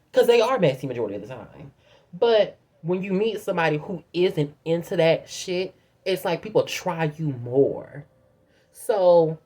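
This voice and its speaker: A young woman vents to her viewers in a casual storytime rant, blunt and heavy on swearing. Her voice sits fairly low, yet it swings widely up and down as she acts out what others said. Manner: profane, blunt, animated storytelling with put-on quotes. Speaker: vlogger.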